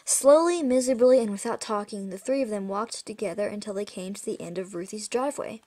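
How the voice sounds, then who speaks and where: A woman's voice: mid-range voice, brisk, dark tone. A woman reading a children's chapter book aloud in a casual way, with slips and self-corrections. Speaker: storybook reader.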